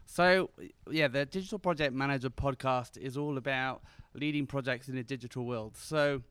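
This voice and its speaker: Brief: male podcaster guest, smooth voice, relaxed delivery, dry close sound. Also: mid-range voice, moderate pace, no room sound. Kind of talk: casual live chat.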